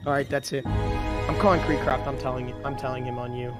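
A man's voice: medium pitch, flat delivery, a little fast. An American man bantering on a stream, playfully indignant, with music playing underneath. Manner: playful, mock-indignant outbursts. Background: background music.

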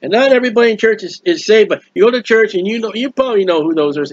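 A middle-aged man preaching an impassioned, rambling home sermon, exclamatory and animated. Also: high-pitched, very fast, dry recording. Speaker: preacher of a hymn channel. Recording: dull lo-fi dry sound.

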